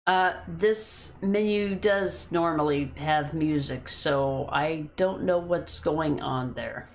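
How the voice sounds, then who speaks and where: Woman streamer from the States, young, lower-pitched voice, rambling casual chat into a headset mic. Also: takes it slowly, a little hiss or hum. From United States. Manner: rambling, talks to chat and her cat. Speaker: game streamer.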